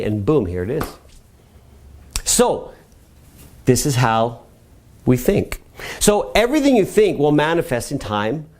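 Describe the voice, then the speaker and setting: A middle-aged man teaching a motivational web lesson on personal growth, coaching the listener with energetic, repeated commands. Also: fairly high pitch. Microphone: camera mic.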